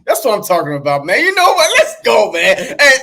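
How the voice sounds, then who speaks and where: A high-voiced man co-hosts a casual sports podcast. His pitch swings widely, and he hammers home points by repeating them. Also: wildly swooping pitch, fairly quick, creaky, sharp tone. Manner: emphatic, repeats himself for effect. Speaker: podcast co-host.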